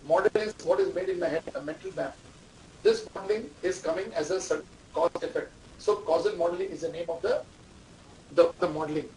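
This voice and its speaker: A man giving a classroom lecture, repeating key terms and quizzing students. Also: sits high. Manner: repetitive, quizzing the class, dictating instructions. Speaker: management lecturer. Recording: distant mic, faint room noise.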